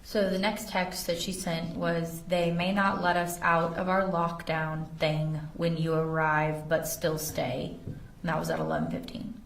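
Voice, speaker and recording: A woman's voice: sits low, a little slow, slight background noise. A woman testifying as an investigator in a courtroom, carefully reading text messages aloud. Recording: echoey courtroom audio from far off.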